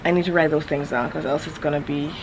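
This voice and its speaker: A woman's voice: low voice, steady tone, background noise. A woman in her thirties chatting casually for her vlog outdoors in a yard, rambling playfully from one thought to the next. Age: 30s. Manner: rambling, quick-thinking, playful. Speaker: vlogger. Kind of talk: casual chat.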